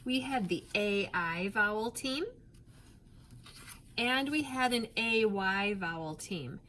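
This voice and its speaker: A woman gives young children a phonics lesson, patient and clear, drawing out sounds and spelling words letter by letter. Her medium-pitched voice is expressive and sharp-toned, she goes slowly, and a little hiss or hum is audible.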